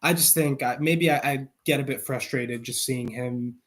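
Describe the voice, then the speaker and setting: A man co-hosting a casual sports podcast, joking and quick to poke fun at himself. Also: medium pitch. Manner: joking, self-deprecating. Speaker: podcast co-host.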